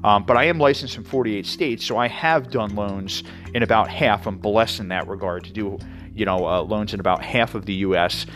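A man's voice: fairly low pitch, normal speed, a bit bright, soft background music. Chatty male mortgage podcast host. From New York. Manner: conversational, many fillers and asides. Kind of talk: casual educational talk.

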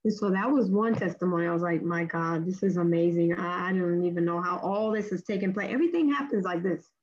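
A woman telling a faith testimony as a lively story, acting out the voices of the people in it with big jumps in pitch. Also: quick pace, muffled recording. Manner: acts out quoted speech with big pitch jumps. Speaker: guest sharing a testimony. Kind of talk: animated storytelling.

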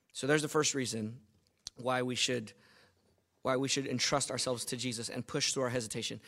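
A man preaching a sermon with animated delivery, often asking the congregation rhetorical questions. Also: fairly high pitch. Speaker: pastor.

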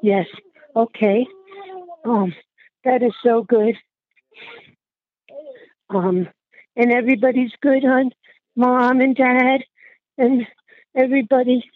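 Older woman, a fond, chatty aunt who is short of breath, higher voice, heard over a dry phone line. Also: steady tone, slow, pauses often, no room sound. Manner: chatty, affectionate, keeps calling the listener honey. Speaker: interviewee, aunt. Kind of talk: casual phone chat.

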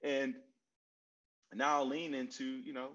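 A man in his forties answers at length in a casual conversation, drifting into personal stories and repeating his key phrases. He fills pauses with "um" and "you know". The recording sounds slightly muffled and lo-fi. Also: medium pitch, level tone, a bit bright. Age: 40s. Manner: storytelling, repeats phrases, many fillers. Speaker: guest speaker on mental health.

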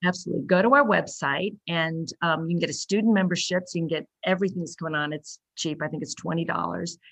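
A woman's voice: fairly low pitch, quick pace, fairly bright tone. A middle-aged woman, a parent advocate, speaking earnestly and emotionally in an interview. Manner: heartfelt, emotional, grateful. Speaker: parent advocate, nonprofit leader.

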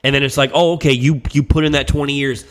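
A man's voice: mid-range voice, steady tone, fast talker. A man telling rambling stories in casual podcast chat, swearing freely and acting out what people said. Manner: rambling storyteller, swears freely, acts out quotes loudly.

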